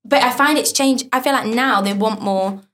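A young woman from the North East of England with a softened Geordie accent, chatting casually as a podcast guest, with many fillers. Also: fairly high pitch, normal speed. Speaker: guest performer.

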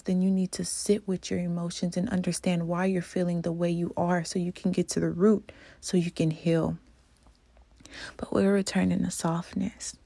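A woman from Louisiana hosting a reflective podcast monologue, soft and earnest, often slipping into a whisper. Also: on the low side, creaky, no echo. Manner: emotional, earnest. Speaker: podcast host.

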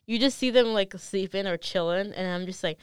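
A woman's voice: medium pitch, fairly quick, clear, resonant tone, no echo, clean studio sound. A young woman co-hosting a casual chat, telling stories with lots of slang and filler. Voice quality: slangy, animated storyteller. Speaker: co-host.

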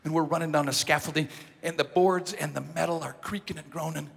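A male pastor telling a story from the pulpit in an animated, self-mocking manner, with a breathy voice in a large hall. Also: a little high, brisk. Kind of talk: sermon storytelling.

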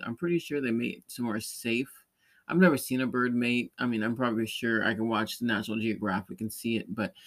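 A man of middle pitch hosting a relaxed talk show, wandering through an anecdote. He keeps restarting his sentences and laughs lightly as he goes, in easy, casual chat. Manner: rambling storytelling with many restarts and light laughs. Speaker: podcast host; parent or caregiver.

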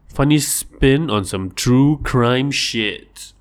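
A man's voice: mid-range voice, animated, drawn-out words, clear, resonant tone. A man hosting a casual livestream, answering listener questions in a rambling, joking way. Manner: rambling, joking, acts out little scenes in silly voices.

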